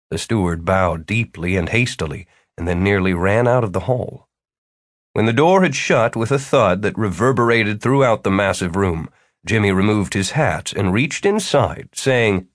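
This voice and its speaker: A man reading a story aloud as a narrator, with wry, expressive storytelling. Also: lowish voice, moderate pace, no echo, clean studio sound. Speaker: audiobook narrator. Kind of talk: scripted narration.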